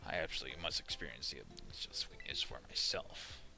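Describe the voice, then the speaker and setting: A man's voice: very deep voice, big pitch swings, fairly quick, over music, voice pushed down, exaggerated voice. A man voicing a secretive adult man with a sweet tooth in a whispered role-play, formal and conspiratorial. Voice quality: hushed, breathy whisper.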